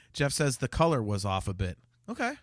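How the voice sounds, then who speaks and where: This man has a medium-pitched voice that swoops wildly up and down, paced in a measured way and recorded dry with clean studio sound. He co-hosts a casual fan podcast, hesitantly stammering through restarts and reading out viewer comments.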